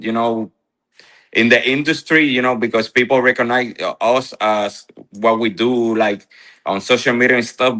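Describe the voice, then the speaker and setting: A man's voice: mid-range voice, a bit bright. A man who competes in the contest, a guest in a casual interview, who talks playfully and confidently and laughs a lot.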